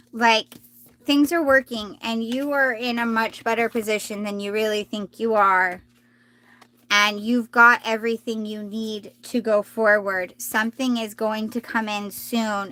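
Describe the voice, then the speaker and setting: A woman doing a live tarot reading, talking gently and reassuringly, often restarting her sentences. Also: fairly high pitch. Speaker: tarot reader.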